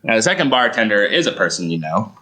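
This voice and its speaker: A man's voice: lowish voice, very animated, quick pace, bright, forceful tone, poor audio. A man narrating as game master of a tabletop role-playing game, rambling and hedging as he describes scenes.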